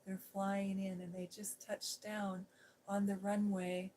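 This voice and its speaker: Soft-spoken woman telling a story, half-whispered. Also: mid-range voice, flat delivery, slow pace, a little hiss or hum, poor audio. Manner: gentle, hushed, drifting into whispers. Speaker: ASMR host.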